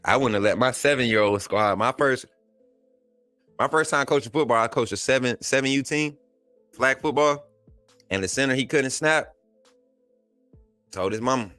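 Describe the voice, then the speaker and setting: A man's voice: medium pitch, moderate pace, pauses often, sharp tone, dry recording, soft background music. A man from Alabama with a Southern accent, hosting a live sports stream in a casual style, reading and answering chat comments with frequent laughter.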